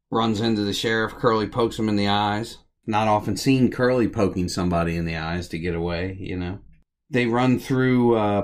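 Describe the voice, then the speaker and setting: A man casually recapping the plot of an old comedy short, chatty and relaxed, with many "uh" pauses. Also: fairly low pitch. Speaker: host of a film recap series.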